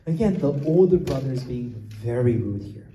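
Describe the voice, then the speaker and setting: A man's voice: mid-range voice, animated, moderate pace, dark tone. A man preaching a sermon, explaining scripture and often asking "right?" as he goes. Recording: roomy echo.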